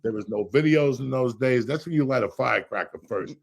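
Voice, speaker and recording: A middle-aged man hosting a podcast, a loud, profane storyteller with a gravelly, husky voice. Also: medium pitch, fairly quick. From Cuba. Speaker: podcast host.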